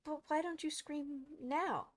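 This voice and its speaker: A woman voicing a curious, polite young girl, earnest and wondering, pitched well above her own voice. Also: slow.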